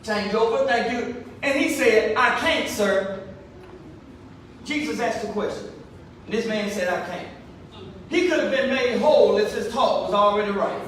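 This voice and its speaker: A man preaching a sermon to his congregation, emphatic and animated. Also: high-pitched, unhurried. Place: church. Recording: echoey room from far off, faint noise.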